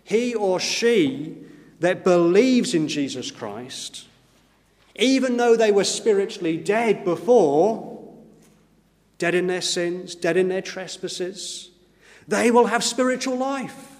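A man preaching a sermon in an earnest style, slowing down whenever he quotes scripture. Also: high voice, expressive, darkish tone, in a large hall. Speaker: pastor. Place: church.

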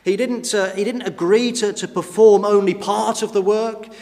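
A man's voice: high-pitched, fairly even intonation, normal speed, darkish tone. A man preaching a sermon to a congregation, asking the listeners rhetorical questions and often adding tag questions. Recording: long hall reverb.

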